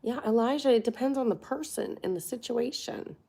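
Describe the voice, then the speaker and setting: A woman's voice: fairly high pitch, a little fast, gravelly, warm tone, husky. A woman hosting a casual livestream, chatting candidly and laughing often. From United States. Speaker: livestream host.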